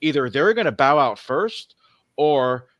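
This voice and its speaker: A man's voice: medium pitch, expressive, unhurried, a bit bright, no echo. A man co-hosting a podcast in casual chat, rambling and hesitant, with frequent restarts and little laughs. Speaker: podcast co-host.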